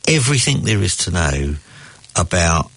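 A man in a casual debate about comedy, talking slowly and deliberately, telling jokes with voiced characters. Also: low voice, big pitch swings, gravelly, a bit bright, husky, no echo.

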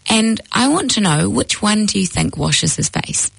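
A woman's voice: mid-range voice, animated, a little slow, gravelly, slightly rough, no room sound, voice pushed up, heavily acted, rough recording. A woman voicing a teasing old-world rabbi. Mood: instructive. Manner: didactic, posing riddles. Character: patient, teasing male rabbi teacher.

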